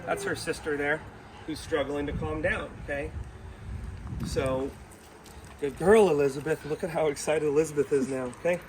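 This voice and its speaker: A man working as a dog trainer in an instructional demo, switching between bright, high praise for the dog and calm explanation. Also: normal speed, pauses often. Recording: outdoor mic with clear background noise.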